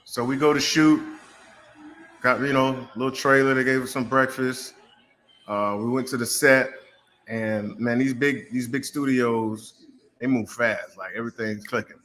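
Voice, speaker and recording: A man casually chatting with his viewers while hosting a watch party, relaxed and talkative. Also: mid-range voice, normal speed, slight background noise. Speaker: host of a watch party stream.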